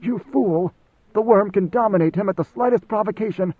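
A nervous, tightly wound messenger, as a man puts him on, speaking in a controlled, urgent hush. The voice sits a little high and comes through a dry, tinny, phone-like band. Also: lively intonation, normal speed, no echo. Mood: tense. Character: tense, fearful male court messenger.

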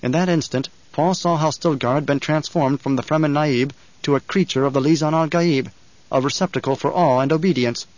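A man narrating an audiobook in a steady, deliberate way. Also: fairly high pitch, dry recording, dull audio. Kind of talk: scripted narration.

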